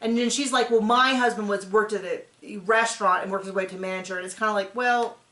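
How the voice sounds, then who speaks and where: With a brisk, medium-pitched voice in a reverberant space, this woman runs a laid-back recap of a reality show. She's lively throughout, performing the participants' lines in voices as part of her casual commentary.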